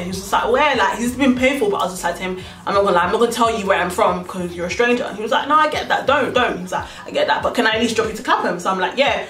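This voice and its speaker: Woman, rapid lively vlog storyteller, recorded from a distance in a reverberant room. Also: on the high side. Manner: animated, chatty storytelling, acting out quoted lines. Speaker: vlogger.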